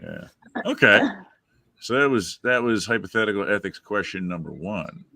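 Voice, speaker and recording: A man's voice: lowish voice, expressive, moderate pace, creaky, sharp tone, dry recording. A man hosting a live fan chat show, posing questions to his guests and viewers. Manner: leads the discussion and poses questions to guests and viewers. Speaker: podcast host.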